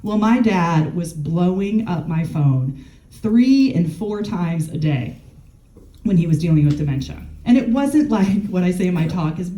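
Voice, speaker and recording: A woman speaks in a very dark, mellow tone, chatty and candid, laughing at herself now and then. Her voice rings a little in a roomy, echoing space. She talks with the ease of a gerontologist telling her own story. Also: lowish voice, expressive, unhurried. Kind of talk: casual conversational storytelling. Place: warm room.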